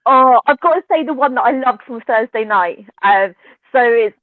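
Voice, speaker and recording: A woman's voice: fairly high pitch, expressive, normal speed, dry recording. A woman joins a chat show as a guest, giggling and eager as she speaks. Her voice comes through a thin, phone-like line with a very dry sound. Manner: giggly, enthusiastic. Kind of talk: casual chat. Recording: tinny phone-like remote line.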